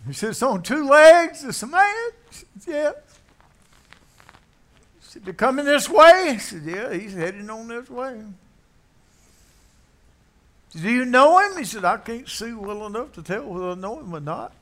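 A man's voice: very high-pitched, big pitch swings, normal speed, long pauses, a bit bright. A man preaching a sermon, telling a story in a folksy way and acting out its characters. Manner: folksy, acts out voices in the story.

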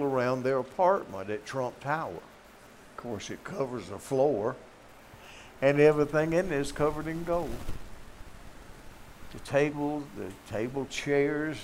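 A man's voice: medium pitch, slight background noise. An older man with a Southern US accent preaching a folksy, joking sermon with emphatic peaks.

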